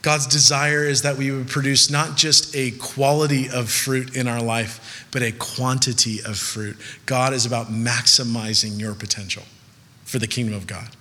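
A young man preaching a sermon in a conversational, animated way, from Southern California. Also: mid-range voice, moderate pace. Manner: conversational, animated storytelling with laughs. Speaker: pastor. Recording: long reverb of a large hall.

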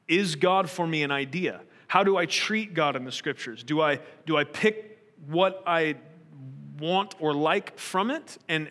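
A man's voice: fairly high pitch, bright, forceful tone, big-room sound. A man preaching a sermon, earnest and probing, asking his listeners pointed rhetorical questions.

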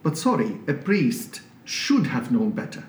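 A man from Syria speaks as an interview guest, telling his stories with lively emphasis. He sits a little back from the mic, so his voice carries the room's echo over a faint hiss. It is a medium-pitched, conversational delivery. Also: a little slow. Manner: animated, emphatic storyteller. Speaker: priest, charity director. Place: charity office. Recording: roomy office, mic at a distance, faint hiss.

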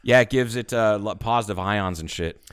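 A man's voice: on the low side, fairly quick, smooth, no echo. Swearing, rambling male podcast co-host. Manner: swears freely, rambling and animated. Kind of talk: casual chat.

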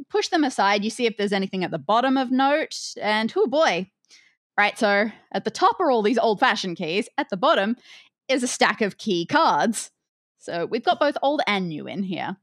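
A woman's voice: medium pitch, no echo, clean studio sound. A woman hosting a podcast as game master, playfully narrating the objects in an escape room puzzle.

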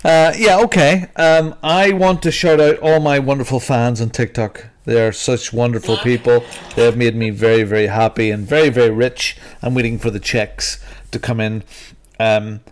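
A man's voice: medium pitch, fairly even intonation, moderate pace. A man hosting a podcast in a casual, jokey way, rambling with plenty of fillers. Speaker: podcast host.

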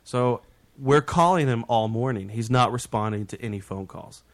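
A man's voice: medium pitch, moderate pace. A man telling a story in casual chat with friends, swearing often and acting out what each person said. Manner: animated, swears, acts out quotes.

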